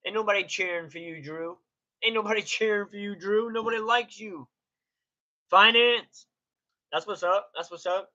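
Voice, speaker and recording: Male streamer, laid-back, high bright voice, greets chat by name, lo-fi stream sound. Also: moderate pace. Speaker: live stream host. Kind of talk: casual live reaction stream. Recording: dull lo-fi stream audio.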